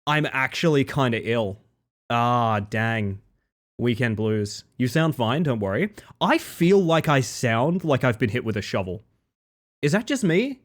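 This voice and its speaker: A man's voice: medium pitch, sing-song, measured pace. A young man streaming live while a little sick, his voice a bit off, bantering playfully with his viewers. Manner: playful, jokey banter, greeting viewers by name.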